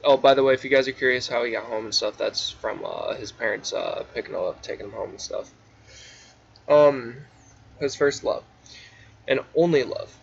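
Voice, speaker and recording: Man, middle-pitched, casually reads his own story aloud, drowsy with asides; dull lo-fi recording. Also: moderate pace, creaky, husky. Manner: offhand, drowsy, stumbles and restarts. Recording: dull lo-fi recording with faint hiss.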